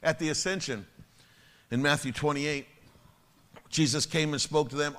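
A man preaching a sermon as a pastor, telling stories in an animated way and swinging from loud to hushed. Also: fairly high pitch, normal speed, long pauses.

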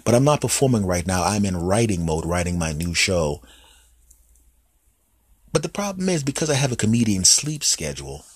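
A male comedian talking alone into a close podcast mic, husky and lower-pitched. He jumps in and out of silly put-on voices. The room sounds dry, with no echo. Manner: animated, acts out voices and bits. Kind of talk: solo comedy podcast monologue.

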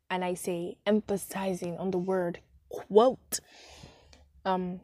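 Slow-talking young woman podcasting on a phone. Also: medium pitch, fairly even intonation, dark tone, dry recording. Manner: rambling, self-deprecating, chatty. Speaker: podcast host. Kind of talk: casual solo podcast monologue. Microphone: phone voice recorder app with wired headphones.

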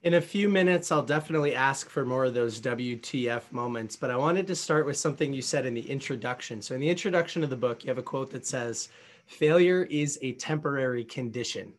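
A man hosting an interview who asks prepared, measured questions. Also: medium pitch. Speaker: interviewer host.

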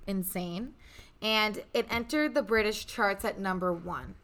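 Bright-voiced chatty young woman. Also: medium pitch, unhurried. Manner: chatty, swears freely, storytelling. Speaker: podcast host. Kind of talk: casual chat.

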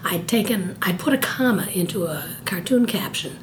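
A woman's voice: lowish voice, lively intonation, moderate pace, slight background noise, rough recording. An older woman with a cold, talking as an interview guest in a precise, thoughtful way with wry jokes. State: stuffy from a cold. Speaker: guest, copy editor. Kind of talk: conversational interview.

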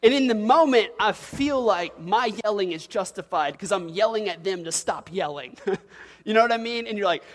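A man's voice: sits high, lively intonation, normal speed. A man in his thirties preaching a sermon as pastor, telling stories with laughs and acted quotes. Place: church sanctuary. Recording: long church reverb.

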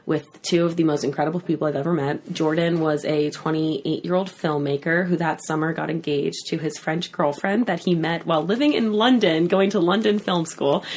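Guest, woman, 20s, slightly low voice; casual, rambling, laughs often. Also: a little mellow. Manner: rambling storyteller with frequent "like" and laughter. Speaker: podcast guest. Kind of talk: casual chat.

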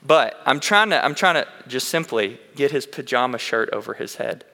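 A man's voice: mid-range voice, lively intonation, moderate pace, pushed and bright. A man preaching a sermon in a church, telling candid personal stories in an earnest way and often restarting his sentences. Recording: long reverb of a large hall.

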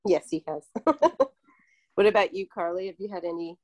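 A woman midwife and podcast host telling a work story in an earnest, reflective, lively way. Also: lowish voice, moderate pace, no echo, low-quality recording. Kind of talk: casual chat, storytelling.

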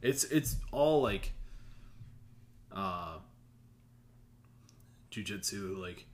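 A man's voice: lowish voice, expressive, very slow. A man in a casual chat about films, laid-back, giving short replies and laughing easily.

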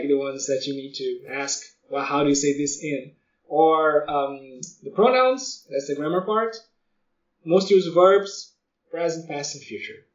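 A man co-hosting a podcast in a relaxed, slangy casual chat, full of "like". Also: on the high side. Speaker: podcast co-host. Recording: roomy, distant, dull audio.

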